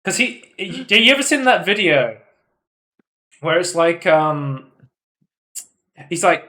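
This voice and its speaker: A man hosting a casual podcast, chatting in an animated way and swearing often. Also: on the high side, takes it slowly, long pauses. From United Kingdom. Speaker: podcast host. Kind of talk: casual chat.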